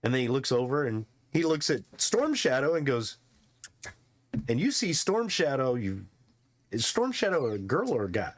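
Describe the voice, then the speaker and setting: A man narrating as game master of a tabletop game, lively and often laughing. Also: medium pitch, moderate pace.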